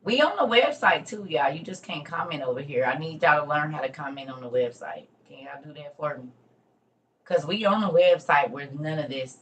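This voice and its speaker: Woman host with a low-set voice, chatting casually to her livestream viewers, swinging from loud to murmured. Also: animated, moderate pace, slight background noise.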